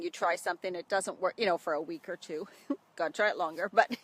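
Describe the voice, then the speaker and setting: A woman's voice: medium pitch, moderate pace. A middle-aged woman, a health coach, talking casually outdoors by a stream and acting out worried inner voices. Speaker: health coach for women over 40. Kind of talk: casual live video talk.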